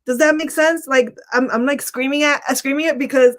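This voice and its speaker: Female host of a motivational live stream: emphatic, repeats key lines, voice a touch higher than usual. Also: fairly quick, hardly any pauses, fairly bright tone. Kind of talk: casual motivational talk.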